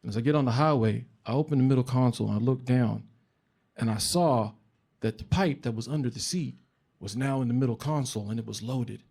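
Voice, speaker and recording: A man telling a funny personal story on stage in a conversational, animated way, repeating phrases for comic effect. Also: medium pitch, fairly quick, gravelly, husky. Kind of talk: live comedic storytelling.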